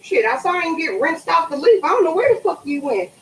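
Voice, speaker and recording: A woman's voice: extremely high pitch, a little fast, roomy sound, rough recording. A woman talking casually and swearing freely while cleaning greens at her kitchen sink for a cooking vlog. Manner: animated, profane, swears freely. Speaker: cooking vlogger.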